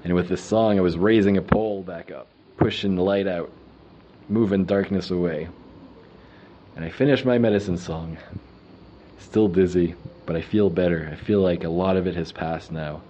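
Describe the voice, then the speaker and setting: Low, mellow-voiced man telling a story. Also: highs cut off, a little hiss or hum. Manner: calm, unhurried, reflective. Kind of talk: first-person storytelling.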